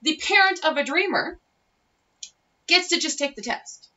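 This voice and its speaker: A woman vlogger rants with sarcasm and profanity, mocking her target. Her voice is high and sharp. It is recorded from a distance with a dull, lo-fi sound. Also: animated, unhurried. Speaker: commentary vlogger. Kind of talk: casual political rant.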